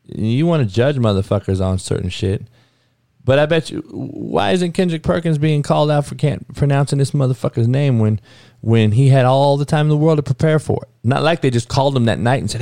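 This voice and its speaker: Brisk and medium-pitched with some vocal fry, this podcast host curses constantly through a blunt, animated sports rant in casual talk. The studio-quality audio has no room sound.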